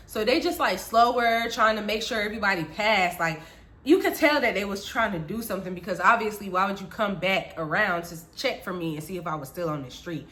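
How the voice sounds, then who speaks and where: Bright-voiced woman telling a story. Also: mid-range voice, slight background noise. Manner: animated, addresses viewers as y'all, laughs often. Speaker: vlogger telling her childhood story. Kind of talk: casual storytime vlog.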